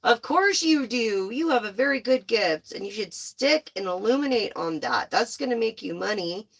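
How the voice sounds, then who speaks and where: A young woman giving a casual, excitable tarot reading to her viewers, gushing and swearing freely. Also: medium pitch, normal speed, gravelly, slightly rough. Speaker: tarot reader.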